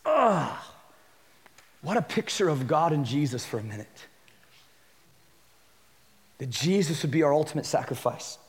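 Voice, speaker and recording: High-voiced animated preacher man. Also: unhurried, pauses often, long reverb tail. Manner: animated preaching, acts out quotes with rising pitch and shouts. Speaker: pastor. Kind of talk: sermon. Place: church sanctuary.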